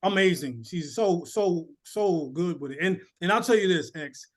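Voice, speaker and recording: A man hosting a casual movie review podcast, encouraging the others and quick to laugh. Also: high-pitched, animated.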